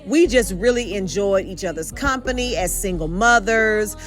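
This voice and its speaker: A woman home vlogger telling a storytime tale, animated and addressing viewers directly. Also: medium pitch, moderate pace, soft background music. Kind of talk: storytime vlog.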